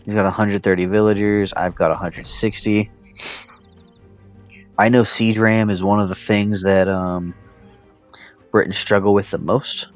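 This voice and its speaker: A man's voice: on the low side, level tone, a little slow, pauses often, faint music behind. A man casually commentating a strategy game he is playing, thinking aloud with plenty of fillers. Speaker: player commentating his own match.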